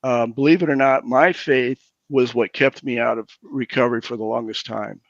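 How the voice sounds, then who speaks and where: A man's voice: medium pitch, fairly even intonation, no echo, muffled recording. A pastor in his sixties telling his own recovery story candidly, often stumbling and restarting his words. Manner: halting, repeats words as he restarts.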